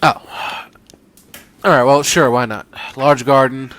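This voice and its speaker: A man casually commenting on a game he is playing, relaxed and rambling. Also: medium pitch, takes it slowly. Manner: relaxed, rambling with fillers and restarts. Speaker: let's play host.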